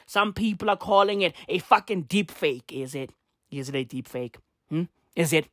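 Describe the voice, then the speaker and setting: Woman ranting + swearing nonstop, bouncy lively pitch, super dry sound. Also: normal speed, no room sound. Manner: swears constantly, slangy, swings between shouting and muttering. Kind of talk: profane comedic rant.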